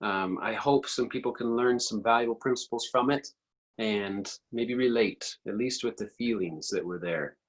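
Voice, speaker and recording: A man hosting a podcast, speaking with a fairly low voice. He responds calmly and measuredly to his guest. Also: moderate pace. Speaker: podcast host. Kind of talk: interview conversation.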